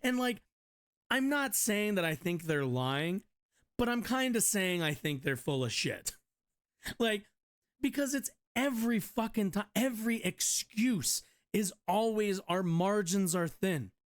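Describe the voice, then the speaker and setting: Blunt, profane man ranting, higher voice. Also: expressive, a little slow. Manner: profane, blunt, rambling with restarts. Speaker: streamer reading and reacting to a news article. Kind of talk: casual rant commentary.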